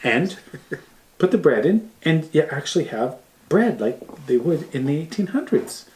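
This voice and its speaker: A man's voice: a little high, sing-song, normal speed, a little mellow. A man co-hosting a casual knitting podcast, chatting and laughing as he tastes homemade bread at home. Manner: chatty, easily distracted, laughs often. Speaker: podcast co-host. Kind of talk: casual chat.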